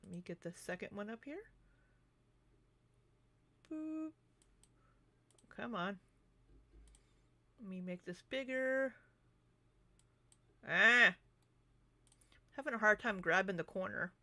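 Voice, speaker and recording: A woman's voice: medium pitch, moderate pace, bright, forceful tone. A young adult woman talking through drama in a casual, rambling vlog, full of ums and asides. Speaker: commentary YouTuber.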